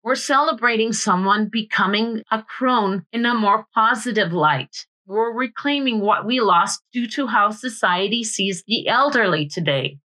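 A woman hosting a podcast, reading a calm, explanatory script. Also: a little high, a little slow, few pauses, poor audio. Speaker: podcast host.

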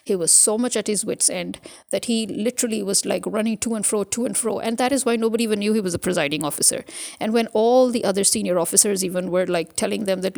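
A woman recounts a frustrating experience in an indignant, exasperated tone. There is a gravelly fry in her voice, set at a middling pitch for a woman. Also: quick pace, darkish tone. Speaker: voter recounting election day. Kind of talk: casual storytelling to camera.

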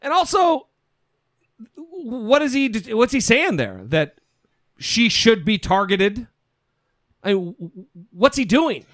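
Casting: sarcastic male podcast co-host, high lively voice, dry close sound. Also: slow, long pauses, dry recording. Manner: sarcastic and incredulous. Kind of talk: political commentary chat.

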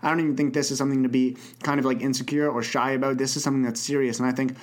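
A young man hosts a casual advice podcast, answering listener questions. He hesitates often, repeats his words and restarts his sentences. His voice sits at an ordinary, mid-range pitch for a man. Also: level tone, very fast. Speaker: podcast host.

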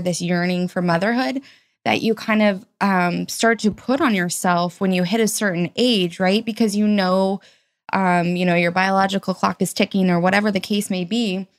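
A woman's voice: mid-range voice, clean tone. Chatty enthusiastic woman host. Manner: enthusiastic, chatty, frequent fillers. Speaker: podcast host. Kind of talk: casual interview chat.

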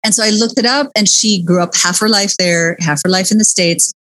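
A Filipino woman hosting a podcast discussion, talking in a lively way and dropping Filipino words into her English. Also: medium pitch, brisk, dry recording. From Philippines. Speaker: podcast host. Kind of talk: casual discussion.

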